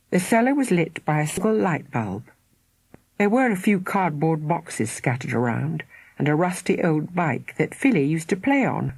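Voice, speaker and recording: Breathy, expressive woman narrating a storybook. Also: deep voice, no echo. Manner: expressive storytelling, dramatic pauses. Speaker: audiobook narrator. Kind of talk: scripted narration.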